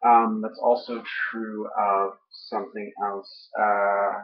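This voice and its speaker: A man's voice: on the low side, flat delivery, slow pace. A young man vlogging casually, groggy after dental work, rambling with many ums and uhs. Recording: muffled lo-fi home audio.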